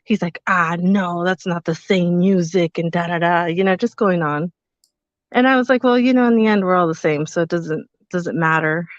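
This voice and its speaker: A woman's voice: on the low side, brisk, dry recording. Female co-host, teasing and chatty, casual storytelling, dull dry recording. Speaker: podcast co-host. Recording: slightly muffled, dry sound.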